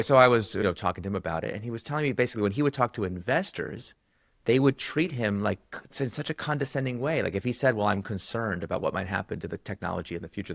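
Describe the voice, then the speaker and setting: Low gravelly male guest, animated storyteller, dry close sound. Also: no echo. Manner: animated, acts out quoted dialogue with quick pitch jumps. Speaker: guest author. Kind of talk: conversational storytelling.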